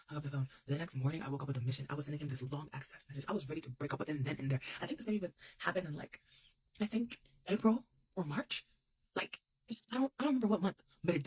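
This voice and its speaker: A woman rattles through a story from her own life at a quick clip. Her voice is husky. She talks bluntly, swears freely and repeats her punchlines for emphasis. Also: sits low, rough recording. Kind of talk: casual storytime monologue.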